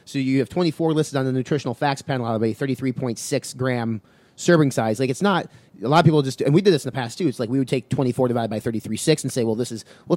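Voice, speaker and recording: A man co-hosts a podcast at a fast clip, summing things up in loose, casual terms with the odd curse. His voice sits in a middle range for a man. The sound is dry and close, with no room in it. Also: mid-range voice, a little mellow, no echo. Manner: loose, summarizing, casual swearing. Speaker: podcast co-host.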